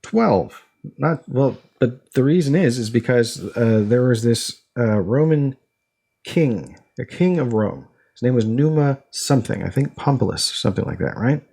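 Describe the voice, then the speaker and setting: A man's voice: medium pitch, expressive, unhurried, gravelly, mellow, breathy edge. A young man co-hosting a casual podcast, talking in a rambling way full of restarts and fillers, quizzing his co-host as he explains. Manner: explains by asking his co-host quiz questions.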